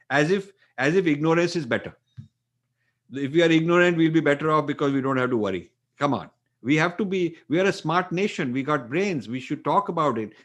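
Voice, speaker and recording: A man's voice: on the high side, a bit bright. An older man with an Indian English accent, an author answering interview questions emphatically, often repeating phrases and using fillers. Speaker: author and guest.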